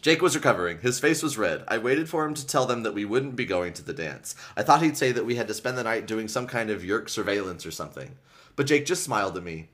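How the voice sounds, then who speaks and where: Male podcast host, lower-pitched, relaxed and chatty, recapping a story, laughs easily, peppers his talk with fillers. Good for casual book-club banter. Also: fast talker. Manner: chatty, laughs often, many filler likes. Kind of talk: casual chat, retelling a story.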